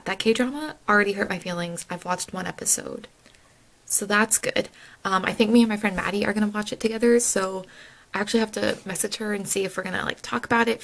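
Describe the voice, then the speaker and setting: Woman, book vlogger, creaky voice, rambling casual chat, laughs a lot. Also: mid-range voice, fairly bright tone, rough recording. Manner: rambling, chatty, laughs often. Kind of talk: casual chatty vlog.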